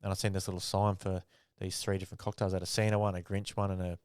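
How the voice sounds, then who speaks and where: Aussie male co-host, low pitch, quick laid-back yarn-telling, swears a lot, dry studio mic. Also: little pitch movement, a little mellow, clean tone, dry recording. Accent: Australian. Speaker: podcast co-host. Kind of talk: casual storytelling chat.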